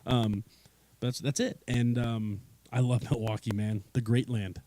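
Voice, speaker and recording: A man's voice: medium pitch, unhurried, no echo. A middle-aged man from Southern California telling a race story in casual chat, laughing and acting out quotes. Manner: animated, acts out quotes, laughs while telling. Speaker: IndyCar spotter, guest.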